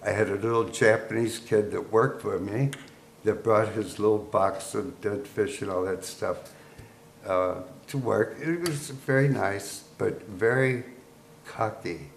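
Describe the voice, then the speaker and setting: A man's voice: fairly low pitch, measured pace, gravelly. A man in his eighties, a veteran guest, unhurriedly recounting wartime memories with chuckles, recorded in an echoey room. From United States. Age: 80s. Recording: echoey room with faint noise.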